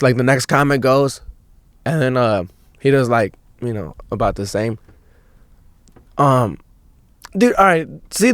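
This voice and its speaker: A man's voice: a little high, dry recording, clean studio sound. A young man hosting a podcast, telling a long story in a rambling, profane way, full of restarts and fillers. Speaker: podcast host. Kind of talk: casual storytelling monologue.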